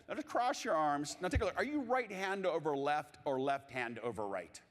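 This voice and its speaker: Man, keynote speaker, lively pitch swings, long hall reverb. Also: normal speed. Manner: animated, jokey, asks audience questions. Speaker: keynote speaker on sales coaching. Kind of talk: live conference keynote.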